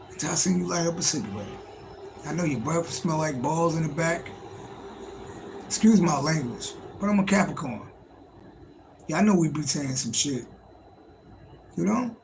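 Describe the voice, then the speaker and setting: A man hosts a casual livestream, riffing and swearing freely as he answers his chat. His voice sits a little high and carries a gravelly fry. A faint room ambience hums behind him. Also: a little hiss or hum, low-quality recording. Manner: loose, profane, joking, talks to chat. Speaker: livestream host, tarot reader.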